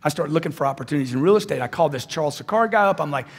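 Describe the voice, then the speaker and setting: A man with a high, husky voice works a crowd at a sales seminar, driving each point home with emphatic repetition. His voice rings out with a long reverb trail, as if it fills a big hall. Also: animated, rapid-fire. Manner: intense, emphatic, repeats phrases for punch. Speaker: motivational sales speaker. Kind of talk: live seminar speech.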